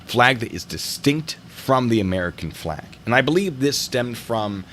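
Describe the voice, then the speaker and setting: With a medium-pitched, fairly bright voice and lively intonation, a man runs a video review show about traffic stops. He speaks at a moderate pace, casually and with joking detours, over slight background noise.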